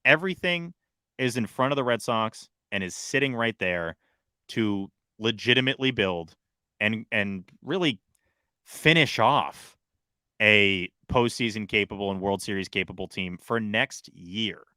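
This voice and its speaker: Bright-toned excitable young man. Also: lowish voice, measured pace, smooth, no echo, clean studio sound. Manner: excitable, swings loud and quiet. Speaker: podcast co-host. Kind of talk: casual sports podcast chat.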